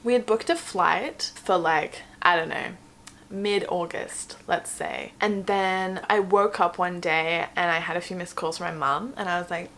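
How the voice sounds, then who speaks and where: A woman's voice: fairly low pitch, measured pace, fairly bright tone, slight background noise. A young woman with an Australian accent, telling a story in a casual, chatty vlog, full of swearing and "like". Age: young adult. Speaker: vlogger.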